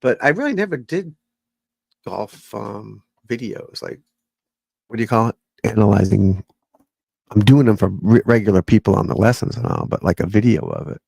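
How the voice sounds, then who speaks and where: A male golf instructor talks loosely on a livestream, drifting between thoughts and swearing offhandedly. His voice sits low with a gravelly vocal fry. The sound is dry and close. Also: moderate pace, warm tone, dry recording. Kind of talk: casual livestream chat.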